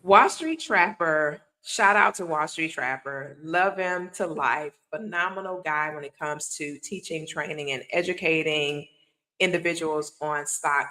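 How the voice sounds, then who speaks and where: Bright-voiced woman hosting an animated chat. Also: low voice, a little slow, poor audio. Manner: animated storyteller, acts out quotes. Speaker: host. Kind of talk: casual talk-show chat.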